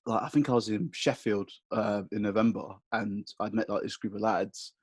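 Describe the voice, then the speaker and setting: Young lad from Milton Keynes, chatty and easygoing, dry close mic. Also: male voice, lowish voice, steady tone, normal speed, husky, no echo. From Milton Keynes, England. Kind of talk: casual chat.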